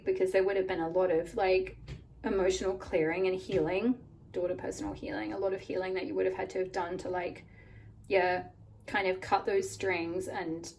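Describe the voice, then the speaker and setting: Lady doing a tarot reading, bit croaky from a cold, lots of ums and likes, mic a little far off, faint hiss. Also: on the low side, darkish tone. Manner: rambling, many "like" and "um" fillers. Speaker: tarot reader. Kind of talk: pick-a-card tarot reading.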